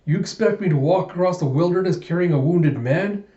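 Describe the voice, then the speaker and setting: A man voicing a brash, cocky young human brawler with a gruff, boastful drawl. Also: high-pitched, a little fast, dark tone, voice pushed up, close to an everyday voice. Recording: echoey room, dull lo-fi sound.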